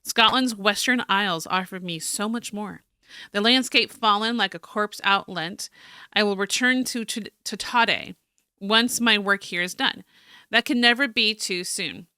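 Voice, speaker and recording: A woman's voice: medium pitch, unhurried, sharp tone, clear, resonant tone, no room sound, clean studio sound. A woman voicing a stiff, proud male cartographer, reading his journal aloud in a formal, slightly fancy manner with small stumbles. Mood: gloomy.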